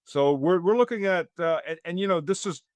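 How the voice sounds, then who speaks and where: A middle-aged man speaking with a slightly high voice, sardonic and blunt, breaking his points up with frequent "uh"s. The room is dead and dry, with no echo. He sounds like an interview guest giving his analysis off the cuff. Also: fairly quick, a little mellow. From United States. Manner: sardonic, blunt, many hesitant "uh" fillers. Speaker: interview guest, military-political commentator. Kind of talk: unscripted interview commentary.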